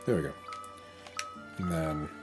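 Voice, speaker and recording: Over background music, a man streams a video game and chats casually to himself and his viewers, often muttering and swearing under his breath. His voice is a rumbling low, steady in tone and a little slow. He's on a desk microphone.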